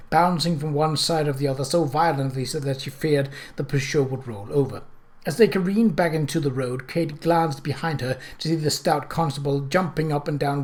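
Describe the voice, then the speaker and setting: A man narrating a mystery novel chapter as an audiobook reader, voicing the characters himself. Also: a little high. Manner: steady storytelling, puts on voices for characters.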